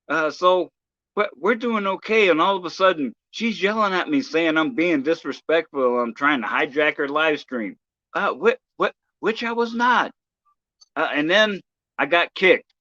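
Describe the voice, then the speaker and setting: A man's voice: fairly high pitch, sharp tone, no room sound, muffled recording. Stammering, profane man ranting on stream. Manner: halting, many restarts and stammers, profane. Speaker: live streamer. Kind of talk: casual livestream rant.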